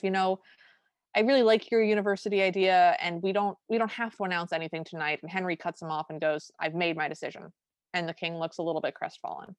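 A woman's voice: fairly low pitch, no room sound. Chatty woman recapping a movie. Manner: chatty, enthusiastic, recounting scenes. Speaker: podcast co-host. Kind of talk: casual movie recap chat.

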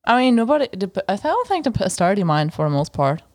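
A woman's voice: medium pitch, very animated, brisk. A woman co-hosting a book club podcast in a studio, talking in a playful, jokey way. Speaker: podcast co-host. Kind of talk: casual book club chat.

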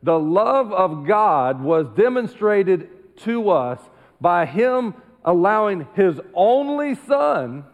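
A male pastor preaching a sermon emphatically, dropping into quiet asides. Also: sits high, sing-song, slow, in a large hall. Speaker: senior pastor. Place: church sanctuary.

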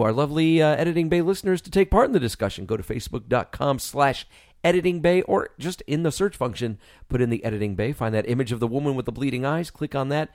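A man's voice: on the high side, vocal fry, no echo, clean studio sound. A man co-hosting a casual movie podcast, joking loosely and swearing freely. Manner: loose, profane, jokey banter. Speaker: podcast co-host.

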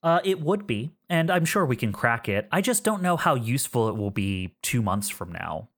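A man's voice: mid-range voice, very animated, normal speed, a bit bright. A man voicing a smug masked woman intelligence officer who teases and drags out suspense, with hesitant fillers. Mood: teasing.

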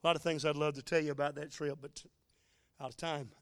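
A man's voice: a little high, level tone, quick pace, clear, resonant tone, no room sound, studio quality. A man preaching a sermon, telling a story in a folksy, emotional way with joking asides. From United States.

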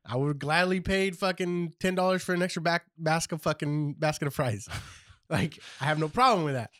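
A man in his thirties co-hosts a podcast, rambling through casual stories with plenty of swearing. His voice sits a little high, and the recording is dry and close. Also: brisk, a bit bright, no echo. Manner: chatty, rambling, apologetic interjections. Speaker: podcast co-host. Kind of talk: casual profane chat.

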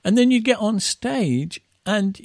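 A man's voice: sits high, lively intonation, a little slow, vocal fry, a little mellow, no room sound, studio quality. A middle-aged man, a musician guest, telling rambling tour anecdotes and acting out the quotes. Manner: rambling, with acted-out quotes and laughs. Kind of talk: anecdotal storytelling.

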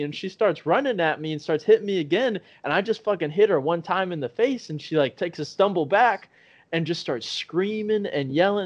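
A slightly high-voiced man spins a profane, animated story on a podcast and acts out every voice in it. The audio is dull and lo-fi. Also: a little fast. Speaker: podcast co-host. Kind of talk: casual storytelling chat.

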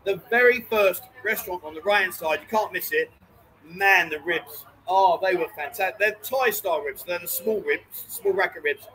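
A man's voice: sits high, moderate pace, sharp tone, poor audio. A man hosting a casual live stream from a bar, teasing his co-host and reading out viewer comments. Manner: teasing banter, reads viewer comments aloud.

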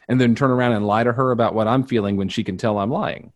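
A man's voice: medium pitch, racing, hardly any pauses. A middle-aged man hosting a podcast interview, chatting easily and sharing stories about his daughter in a reassuring way. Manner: conversational, shares personal anecdotes, reassuring. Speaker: podcast host.

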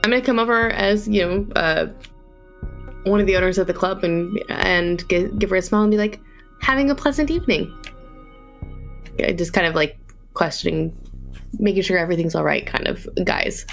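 A woman player in a tabletop game, briskly describing what her character does. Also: fairly low pitch, vocal fry, faint music behind. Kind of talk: casual tabletop play.

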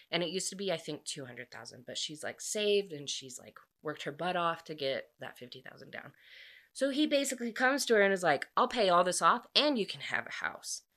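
A young woman casually retelling a book's plot in a chatty, animated way, full of filler "likes". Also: fairly low pitch. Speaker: book vlogger.

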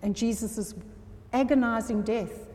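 A woman's voice: a little high, steady tone, measured pace, mellow. A woman preaching an earnest sermon to a congregation, often checking that her listeners are still with her. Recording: long reverb of a hall.

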